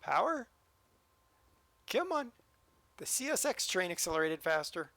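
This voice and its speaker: Male streamer, bright and slightly high voice, dry close sound, playful running commentary. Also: big pitch swings, a little slow, creaky, no echo. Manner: joking, talks to the train. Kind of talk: live-stream gameplay commentary.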